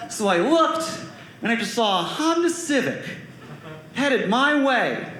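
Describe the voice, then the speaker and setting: A young man telling a stand-up story on a comedy club stage, animated and acting out voices and sound effects. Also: extremely high pitch, a little slow. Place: comedy club stage before a live audience. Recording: roomy club with loud audience laughter.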